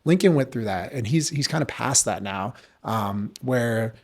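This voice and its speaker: A jiu-jitsu coach guesting on a podcast tells stories in a loose, wandering manner, sprinkling in fillers and casual swears. His medium-pitched voice is expressive and keeps a measured pace.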